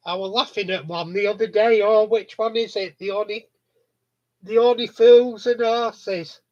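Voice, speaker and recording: A man, hosting a casual live stream chat. His voice sits high for a man, and he talks slowly. He tells rambling stories and chuckles along the way. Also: fairly even intonation, highs cut off.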